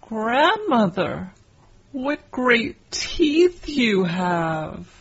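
A woman voicing an innocent little girl who asks slow, wondering questions. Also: deep voice, sing-song, darkish tone, husky, no room sound, lo-fi sound, full character voice.

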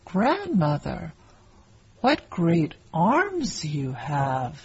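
A woman's voice: deep voice, wildly swooping pitch, very slow, a little mellow, husky, dull audio, exaggerated voice. Woman voicing an innocent wondering little girl.

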